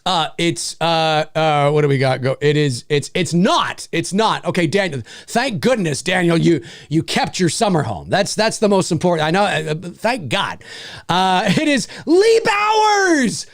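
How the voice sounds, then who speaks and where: A man's voice: on the high side, animated, normal speed, creaky, hardly any pauses, no room sound, studio quality. A man hosting a livestream, reading out donations and thanking backers, with lots of swearing and stumbling restarts. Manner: swings between shouting and mumbling, swears a lot. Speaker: livestream host. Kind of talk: excited live donation readout.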